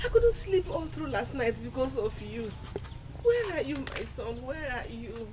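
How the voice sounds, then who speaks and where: A woman's voice: high voice, big pitch swings, unhurried. An actress with a Nigerian accent playing a mother who weeps and pleads over her missing son. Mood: worried. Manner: weeping, pleading. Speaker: actor in a film. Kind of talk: film drama.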